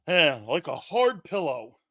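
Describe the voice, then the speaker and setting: A man riffs crudely on football players, mocking them in put-on jeering voices and cackling between lines. His voice sits high and sounds bright and sharp. He swings from loud outbursts to low mutters on a close, dry mic. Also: no echo. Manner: crude, sarcastic, mimics others in jeering voices. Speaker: sports commentator. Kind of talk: mocking sports talk.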